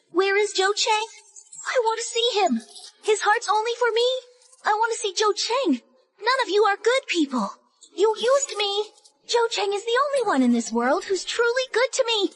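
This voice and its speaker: An actress playing a proud, spoiled young noblewoman in an animated drama, talking in a shrill, pleading, emotional way. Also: measured pace, full character voice. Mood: defiant.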